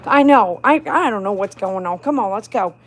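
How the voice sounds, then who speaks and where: A middle-aged woman, chatting casually on a livestream, full of filler words and loud bursts when calling her dogs. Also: mid-range voice, expressive, normal speed. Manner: chatty, storytelling, lots of "like" fillers. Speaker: dog groomer and small business owner. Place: home patio.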